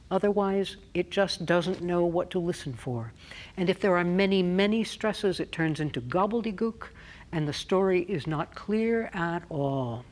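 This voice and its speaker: A woman voice coach giving a clear, deliberate spoken lesson on stressing words. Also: fairly low pitch, expressive, darkish tone.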